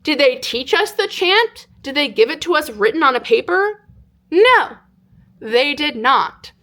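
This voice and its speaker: A woman in her twenties from California, telling a personal story to camera in a casual, animated way with lots of "like". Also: sits high, measured pace. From California, United States. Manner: animated, exaggerated retelling with frequent "like". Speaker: vlogger. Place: indoors, sit-down filming.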